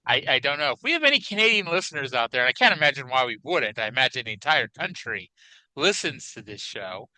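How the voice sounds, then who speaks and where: A man's voice: mid-range voice, sing-song, fast, bright, forceful tone, dry recording, low-quality recording. A man co-hosting a wrestling podcast in casual chat, wry and chatty with hedging asides, on a close mic. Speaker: podcast co-host.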